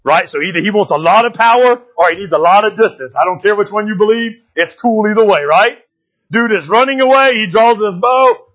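Retelling a Bible passage in a relaxed sermon, a man tosses in slangy, joking asides. His voice is high-pitched and fairly bright, moving a little fast, and the lo-fi recording sounds dull.

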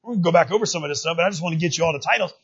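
A man preaching a sermon in a conversational, animated way, often restarting his words. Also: a little high, racing, slightly rough, dull audio. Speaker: pastor.

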